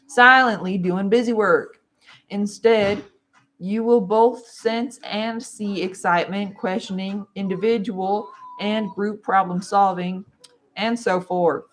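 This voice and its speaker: A woman reading a textbook aloud while she studies, dramatic and playful, with quick joking asides. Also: medium pitch, a little hiss or hum. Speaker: vlogger.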